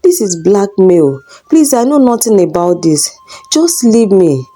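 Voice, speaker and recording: A woman's voice: mid-range voice, sing-song, measured pace, mellow, faint music behind. A woman voicing a young farmer who protests that he has been falsely accused. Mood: alarmed protest. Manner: protesting, alarmed.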